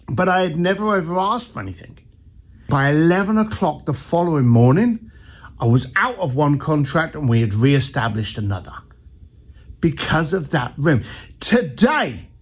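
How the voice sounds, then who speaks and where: A man, an entrepreneur coach, telling a blunt and punchy motivational story. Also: sits high. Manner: blunt, punchy, acts out dialogue.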